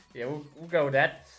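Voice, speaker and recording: Young man, Australian accent, high voice, very lively pitch, excitable, gaming voice chat. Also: husky. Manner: excitable, swearing, laughing outbursts. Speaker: gaming channel host. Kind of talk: casual gaming chat with friends.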